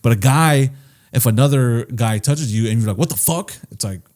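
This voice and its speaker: A man's voice: medium pitch, normal speed, darkish tone. A young man co-hosting a casual podcast, arguing his point emphatically and with a lot of swearing. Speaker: podcast co-host. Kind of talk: casual chat.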